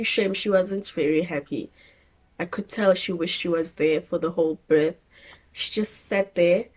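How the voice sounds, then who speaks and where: Animated South African woman telling a story. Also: mid-range voice. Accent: South African English. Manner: animated, acts out her own screams and quotes with laughter. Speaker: vlogger telling her birth story. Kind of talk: casual storytelling to camera.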